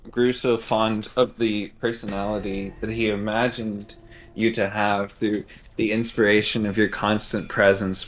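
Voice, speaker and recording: A man chatting with friends on a game stream, teasing and spinning mock-dramatic stories. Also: on the low side. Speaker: stream guest. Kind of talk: casual chat while gaming.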